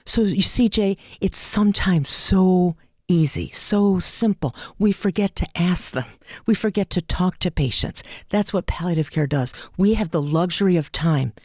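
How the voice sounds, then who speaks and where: A woman speaking as a guest in an interview, an animated storyteller who acts out quoted dialogue. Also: on the low side, normal speed, dry recording, clean studio sound. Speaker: hospice and palliative care advocate. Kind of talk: interview conversation.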